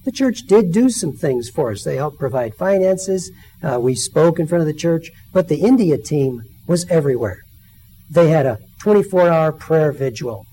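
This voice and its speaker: Mellow-voiced man telling a testimony. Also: on the high side, animated, normal speed, a little hiss or hum, poor audio. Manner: storytelling, acts out quoted voices. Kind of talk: personal testimony sermon.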